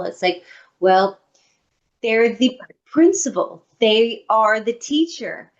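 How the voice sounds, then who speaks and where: A woman co-hosting a podcast, chatting in a heartfelt way and telling animated stories in which she acts out what other people said. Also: a little high, slow pace. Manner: animated storyteller who acts out quoted people. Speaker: podcast co-host. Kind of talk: casual heartfelt conversation. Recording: slightly dull lo-fi sound.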